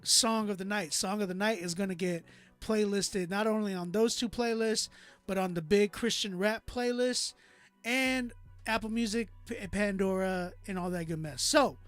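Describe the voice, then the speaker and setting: A man's voice: high voice, moderate pace, no echo. A man hosting a live music review stream, hyping up the chat and calling for song submissions. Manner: hyped, talks straight to chat. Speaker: livestream music review host. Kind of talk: casual livestream hosting.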